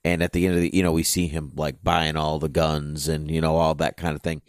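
A man with a very low, deep voice co-hosting a podcast in a loose, casual chat. He rambles through his thoughts and fills his sentences with "you know". The sound is dry and close, with no room echo. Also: little pitch movement, fairly quick. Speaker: podcast co-host.

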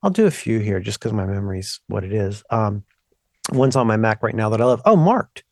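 A man's voice: fairly low pitch, brisk, no echo, studio quality. A man co-hosting a podcast, rambling through casual tech chat and interrupting himself often. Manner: rambling, animated, self-interrupting. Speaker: podcast co-host.

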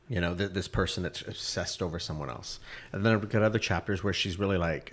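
A man with a very deep voice chats loosely on a podcast. He rambles and trips over his words as he goes. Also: steady tone, normal speed, a bit bright. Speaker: podcast co-host. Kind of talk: casual chat.

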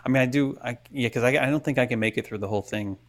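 A man's voice: medium pitch, very fast. A man co-hosting a podcast in casual chat, telling stories in a rambling, self-interrupting way. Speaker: podcast co-host.

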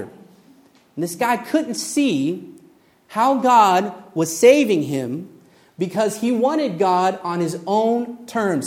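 A man preaching a sermon, telling a story with lively acted-out voices, building to emphatic points. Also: sits high. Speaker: pastor.

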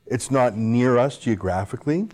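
A man's voice: medium pitch, moderate pace, darkish tone. A man delivering an opinionated political monologue, full of sarcastic asides and rhetorical questions. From Canada. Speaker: political commentator host.

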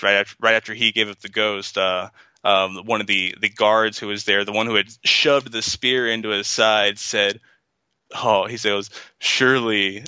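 A man's voice: fairly low pitch, bright, forceful tone, smooth, dry recording, highs cut off. A man in a casual podcast discussion, talking in a rambling way with many fillers and restarts. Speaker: podcast co-host.

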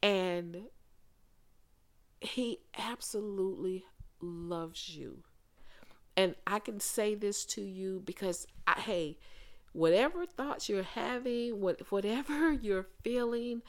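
A woman with a medium-pitched voice hosts a faith-based podcast. She talks to her listeners earnestly and conversationally, pausing and restarting as she goes.

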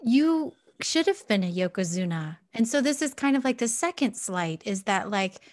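Lady hosting an interview, mid pitch, kinda hesitant, dry sound. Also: lively intonation, moderate pace, dry recording. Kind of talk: casual interview.

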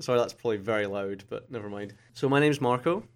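A man's voice: fairly low pitch, fast. A man co-hosting a casual podcast, laughing often and rambling in a self-deprecating way over a computer mic. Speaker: podcast co-host. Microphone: computer mic on a Skype call.

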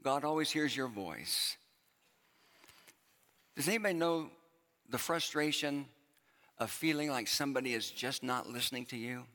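Bright-voiced preacher in a reverberant hall. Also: male voice, mid-range voice, expressive, normal speed, long pauses. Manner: conversational preaching, repeats phrases for emphasis. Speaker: pastor. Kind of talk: sermon. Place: church auditorium with long reverb.

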